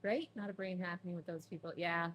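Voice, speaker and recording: A woman's voice: lowish voice, fairly even intonation, quick pace, a bit bright. A woman streaming a game from home, chatty and laughing often, her throat sore from smoke allergies. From Canada. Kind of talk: casual let's play chat.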